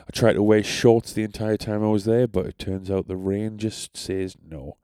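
A man's voice: on the low side, level tone, moderate pace, warm tone, clean tone, no room sound. A young man who tells stories on a podcast in a rambling, sweary, self-deprecating way. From North East England. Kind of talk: casual storytelling.

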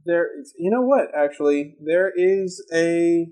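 A man's voice: a little high, lively intonation, unhurried, mellow, poor audio. A young man co-hosting a casual podcast, rambling with lots of fillers and restarts and laughing often. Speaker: podcast co-host. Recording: amateur home podcast recording.

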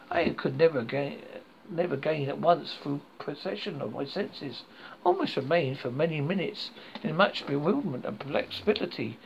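A man reading a horror story aloud, halting and often stumbling over words, on a dull lo-fi recording. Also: fairly high pitch, creaky, a little hiss or hum. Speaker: horror podcast host and reader.

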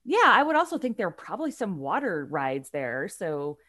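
A woman in casual chat as a podcast co-host, telling a story in a chatty, animated way and often laughing. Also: on the low side, normal speed.

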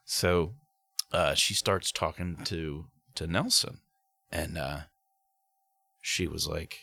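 Deep voiced guy in his thirties telling a story, does funny high voices for quotes, dry mic. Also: slow, creaky, long pauses, pushed and bright, no echo. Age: 30s. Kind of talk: casual storytelling chat.

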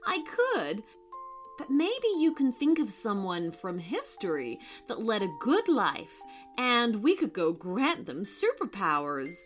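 A woman's voice: medium pitch, wildly swooping pitch, takes it slowly, soft background music. Woman playing a cheerful time-travel guide.

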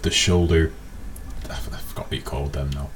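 A man's voice: rumbling low, steady tone, fairly quick, a little hiss or hum. A man co-hosting a podcast in casual chat, making dry joking asides. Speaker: podcast co-host.

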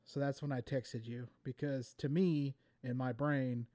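Mellow, teasing male co-host. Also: mid-range voice, steady tone, unhurried, no echo, clean studio sound. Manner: joking, teasing banter. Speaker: podcast co-host. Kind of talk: casual movie podcast chat.

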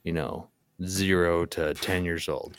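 A man's voice: low voice, steady tone, slow, fairly bright tone, smooth, dry recording, studio quality. A young man co-hosting a podcast, talking in a laid-back, rambling way and adding wry jokes. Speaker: podcast co-host. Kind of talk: casual chat.

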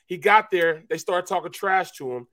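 A man co-hosting a sports talk show, a former player telling animated locker-room stories in casual chat. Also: sits high, moderate pace. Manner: animated storyteller, acts out voices. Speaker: co-host, former NFL player. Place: podcast studio.

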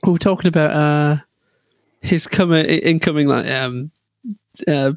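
Male co-host, high-pitched, dry mic, jokey rambling talker. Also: normal speed, clean tone, no room sound. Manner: rambling, jokey, laughs often. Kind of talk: casual motorsport chat.

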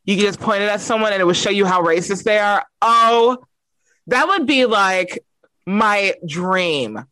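A man co-hosting a podcast in casual comedic chat, animated and joking, laughing often. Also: high-pitched, unhurried, no echo. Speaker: podcast co-host.

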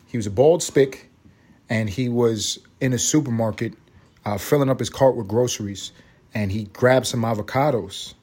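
A man's voice: mid-range voice, darkish tone, slightly rough. A man hosting a solo podcast, telling a rambling, profane story full of tangents. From Puerto Rico. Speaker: podcast host.

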